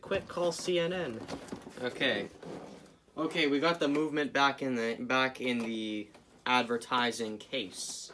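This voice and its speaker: Rambling man with loud bursts, noisy recording. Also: medium pitch, measured pace. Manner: rambling, jokey, talks to viewers, sudden loud bursts. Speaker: hobbyist video host repairing a clock. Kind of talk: casual narrated repair video. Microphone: camera mic, speaker often away from camera.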